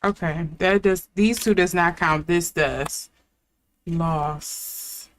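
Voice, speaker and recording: The tarot reader's voice here is on the low side and slow. She's a young adult woman reading cards casually, musing aloud, full of fillers, restarts and self-corrections.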